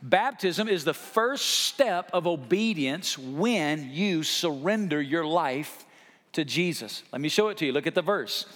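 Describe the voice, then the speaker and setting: A male pastor preaches a sermon in a high-pitched voice. He leads the congregation by having them say key words out loud. His voice carries a long hall reverb from the church sanctuary. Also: expressive, a little slow. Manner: preacher prompting the congregation to repeat words aloud.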